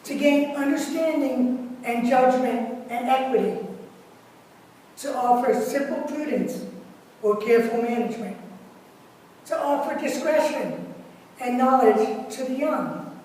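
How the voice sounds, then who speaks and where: Woman preacher, fairly high voice, unhurried sermon, distant mic in a reverberant sanctuary. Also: darkish tone. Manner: slow, deliberate delivery with measured pauses. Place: church sanctuary. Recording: echoey church hall from far off, faint hiss.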